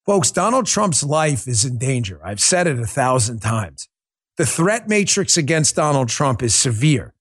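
A man's voice: mid-range voice, very animated, measured pace, slightly rough. A man hosts a political talk show in a mid-range voice, speaking bluntly and earnestly. He swears freely. The sound is dry, with no room echo. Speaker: podcast host.

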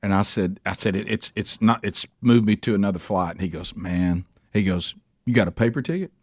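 A man, hosting a radio talk show, telling a story loudly and doing the voices of the people in it. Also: deep voice, normal speed. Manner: loud and animated, acts out voices of people in his story.

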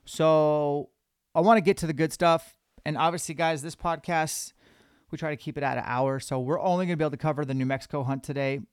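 A man hosting a podcast, telling a hunting story in an animated, casual way. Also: a little high, fairly quick, smooth, dry recording, studio quality. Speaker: podcast host.

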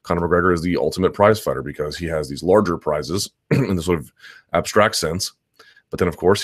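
A man's voice: low voice, no room sound, studio quality. A man hosting a live chat stream, answering viewer questions in a loose, rambling conversational way with restarts and asides.

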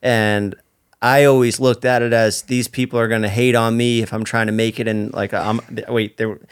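A man's voice: medium pitch, little pitch movement, normal speed, smooth. Blunt swearing guy. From Staten Island, New York. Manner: blunt, swearing, self-mocking. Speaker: podcast guest. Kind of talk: casual chat.

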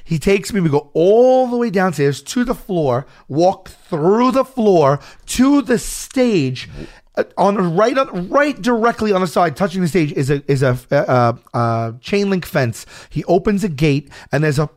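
A man casually telling a long anecdote, animated, acting out other people's voices, with a New York accent. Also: sits high, unhurried. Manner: animated, acts out voices in quotes, filler-heavy. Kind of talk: casual storytelling.

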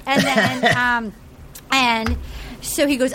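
A woman with a high, bright voice hosts a chatty podcast and recaps the episode with gossipy energy. She slips into little impressions of the people she quotes. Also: expressive, normal speed, background noise. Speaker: podcast host. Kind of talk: casual chat.

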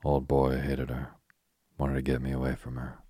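A man's voice: rumbling low, completely flat delivery, moderate pace, warm tone, slightly rough, no echo, studio quality. A man reading as a glum, rueful young ex-soldier. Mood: earnest. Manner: glum and self-deprecating.

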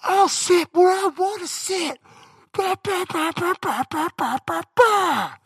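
A man voicing a loud, belligerent man who shouts high and strained at airline staff. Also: steady tone, normal speed. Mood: angry shouting.

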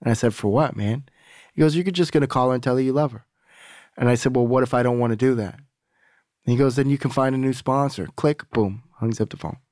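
A man's voice: mid-range voice, fast, long pauses, a little mellow, no room sound, studio quality. A man guest on a podcast, telling a candid, rambling story with profanity and acting out the other people's lines. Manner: candid, rambling, profane, acts out quoted dialogue. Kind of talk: casual storytelling conversation.

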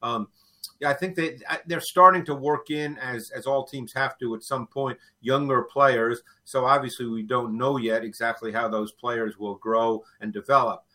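A man's voice: mid-range voice, steady tone, normal speed, sharp tone. A man who analyzes football in a casual talk, thoughtful, often repeating words as he starts a sentence.

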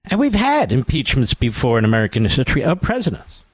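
A man's voice: mid-range voice, wildly swooping pitch, quick pace, dry recording. A man hosting a talk radio show, delivering a combative, sarcastic monologue and mocking others in put-on voices.

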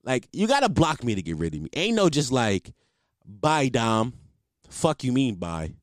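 In a casual comedic storytelling session, a young male comedian spins loose, slangy tales, swearing freely and laughing a lot. His medium-pitched voice swoops wildly and moves fairly quickly, captured at studio quality with no room sound.

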